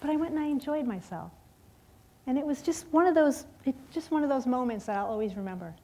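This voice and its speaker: A woman in her fifties telling a lively personal story in a sermon, acting out voices and laughing often. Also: sits high, fast. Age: 50s. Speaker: guest speaker at a church service.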